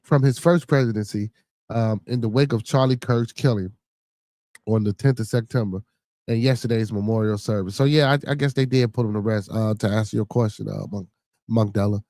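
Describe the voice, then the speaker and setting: A man's voice: lowish voice, fairly even intonation, fairly quick, warm tone, dry recording. A man with a Chicago accent hosting a podcast, chatting casually in a rambling, profane way and reading news stories aloud. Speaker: podcast host.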